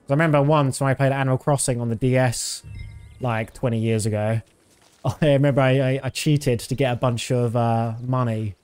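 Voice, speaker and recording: A man's voice: medium pitch, fairly even intonation, a little fast, a little mellow, smooth. A man in his thirties giving casual, rambling commentary while streaming a game, with many fillers.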